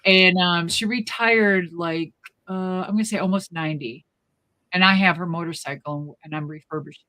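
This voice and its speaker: A woman co-hosting a live stream chat, telling lively family stories and loudly acting out the people she quotes. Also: lowish voice, moderate pace. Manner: animated, acts out quoted voices loudly. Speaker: co-host. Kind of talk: casual storytelling chat. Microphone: live stream, remote.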